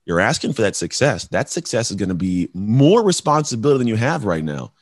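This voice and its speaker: A coach and speaker with a lowish, husky voice talks as a guest, very animated and a little fast. He gives an energetic motivational talk, acting out conversations with clients and calling people "bro," in clean studio sound with no echo.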